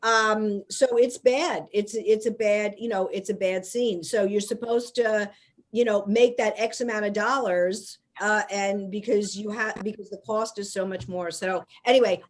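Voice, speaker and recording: A woman's voice: mid-range voice, steady tone, measured pace, darkish tone. A woman from New York hosting a casual interview, chatty and rambling, often laughing as she talks. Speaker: podcast host.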